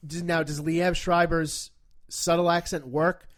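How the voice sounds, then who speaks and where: A man with a Rhode Island accent chats easily as a podcast guest. His voice is fairly high for a man, and he lets his stories ramble along. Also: level tone, unhurried. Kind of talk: casual chat.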